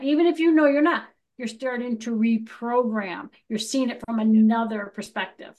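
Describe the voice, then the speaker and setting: Woman co-host, higher voice, affirming and encouraging. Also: normal speed, hardly any pauses, a little mellow. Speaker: podcast co-host. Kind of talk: casual self-help podcast chat.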